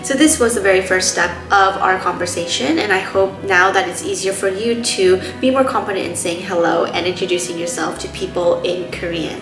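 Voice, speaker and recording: A young woman teaching an online language lesson, explaining slowly and carefully with spelled-out examples. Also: fairly low pitch, echoey room, music in the background.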